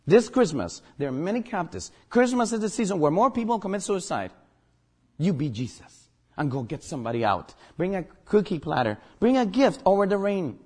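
A man's voice: sits high, big pitch swings, normal speed, husky. A man from Guatemala with a Guatemalan accent, a native Spanish speaker, preaching a sermon as pastor, emphatic and joking.

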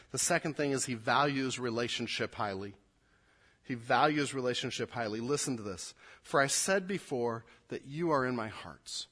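A man preaching a sermon, moving from quiet, low asides to loud, emphatic readings of scripture. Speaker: pastor.

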